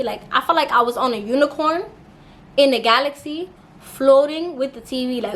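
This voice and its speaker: A young woman telling a storytime for her channel in a casual, animated way, laughing as she talks and using plenty of slang and swearing. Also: high voice, a little hiss or hum. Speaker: YouTuber.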